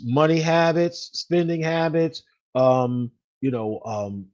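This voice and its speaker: A finance podcast host and financial specialist gives a casual motivational talk, full of fillers, repeating himself and tagging on "right?" again and again. His voice is mid-range with a dark tone, and the audio sounds dull.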